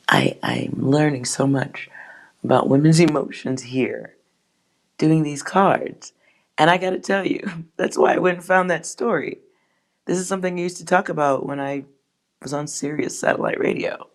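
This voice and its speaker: A woman's voice: low-pitched, a little mellow. A woman hosting a tarot livestream, chatting with viewers in brash, profane, joking rants. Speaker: tarot reader and livestream host. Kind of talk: casual livestream chat with viewers.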